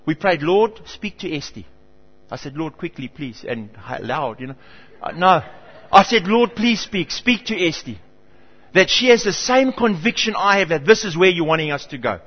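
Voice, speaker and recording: In a church hall with dull reverberation, a middle-aged man preaches as pastor, bringing stories to life by voicing the characters he quotes. He speaks at normal speed in a high, husky voice.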